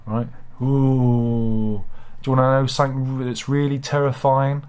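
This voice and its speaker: A man's voice: mid-range voice, flat delivery, a little fast, a little mellow. A man with a British accent hosting a casual satirical news chat, rambling and self-deprecating with asides. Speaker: host.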